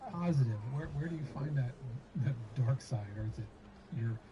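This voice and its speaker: A man's voice: mid-range voice, moderate pace, dull audio, noisy background. A man hosting an interview, asking friendly, rambling questions. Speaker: interview host.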